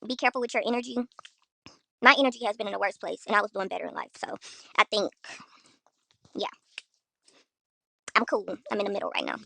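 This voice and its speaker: A young influencer from Houston, Texas rants bluntly, with plenty of profanity, to the viewers of her casual livestream. She speaks at medium pitch and a quick pace but takes long pauses, her gravelly voice bright and forceful, with no room sound.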